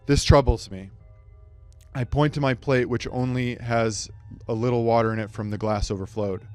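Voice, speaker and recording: A man delivering a surreal comic monologue as a speech contestant, in a deadpan manner with stumbles and asides. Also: mid-range voice, normal speed, soft background music.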